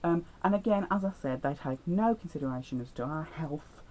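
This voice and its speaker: A man's voice: a little high, expressive, a little fast, darkish tone, slight background noise, low-quality recording. Teen boy vlogger, rambling and self-deprecating, telling school stories. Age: teens. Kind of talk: storytime vlog.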